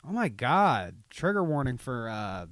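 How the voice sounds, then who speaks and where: A man's voice: mid-range voice, sing-song, unhurried, fairly bright tone. A young man hosting a casual livestream podcast, ranting sarcastically with lots of swearing. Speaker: podcast host.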